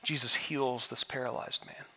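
A man preaching a sermon in a church, earnest, building to emphatic peaks and dropping to hushed tones. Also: mid-range voice, steady tone, moderate pace. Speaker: pastor. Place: church sanctuary.

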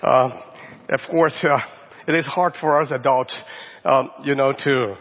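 A middle-aged Brazilian man, a native Portuguese speaker with a Brazilian Portuguese accent, preaches as a guest pastor in a church sanctuary. His mid-range voice has fairly even intonation, and he speaks warmly but haltingly, often repeating a phrase's first word. The audio is dull, with long reverb from the church hall.

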